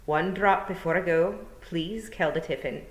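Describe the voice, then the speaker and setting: A woman voicing a tiny, shrewd, dying old pixie clan mother who speaks slowly and weakly in a put-on Scottish accent. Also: fairly low pitch, close to an everyday voice. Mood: wry. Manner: slow, weak, murmuring. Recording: roomy echo.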